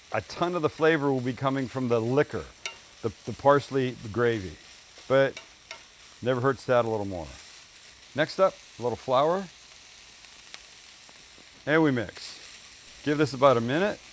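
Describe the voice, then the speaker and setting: A middle-aged man hosts a cooking show in a relaxed, chatty way, explaining each step as he cooks. His voice sits at an ordinary male pitch, and he keeps it upbeat and jokey. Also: moderate pace, pauses often, a little hiss or hum. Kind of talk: casual cooking demonstration.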